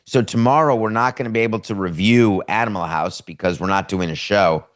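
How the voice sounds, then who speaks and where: A man's voice: lowish voice, a little fast. A middle-aged man hosting a live daily talk show, rambling and emphatic, often correcting himself mid-sentence. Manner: rambling, self-interrupting and emphatic. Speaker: podcast host.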